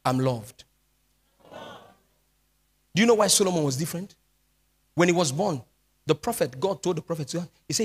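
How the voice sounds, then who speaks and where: A man preaching a midweek sermon as pastor, swinging between speech and sung, drawn-out phrases. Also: a little high, lively intonation, breathy edge. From Nigeria.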